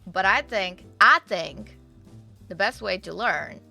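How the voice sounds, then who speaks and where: A woman's voice: medium pitch, expressive, takes it slowly, gravelly, sharp tone. A young woman streaming live, chatting casually and rambling to her viewers with fillers and the odd swear. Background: faint game music.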